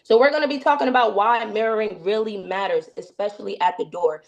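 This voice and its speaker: A woman's voice: medium pitch, a little fast, gravelly, muffled recording. A woman running a sales team training, talking energetically and checking in with frequent tag questions.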